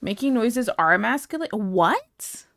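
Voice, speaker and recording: Woman streamer, slightly high pitch, candid and blunt, frequent laughter, dry room. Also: sing-song, a little slow, fairly bright tone, no echo. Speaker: live streamer. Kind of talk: casual chat reacting to viewer comments.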